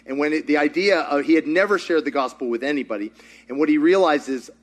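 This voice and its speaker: A man's voice: on the high side, fast. A man preaching as a pastor, telling a story and then leading a fervent prayer. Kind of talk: sermon and prayer.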